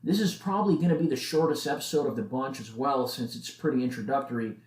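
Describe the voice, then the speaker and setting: A nineteen-year-old man hosts a solo podcast, speaking in a casual, earnest, motivational way. His medium-pitched voice moves at a quick pace and sounds a little mellow, recorded in an echoey room.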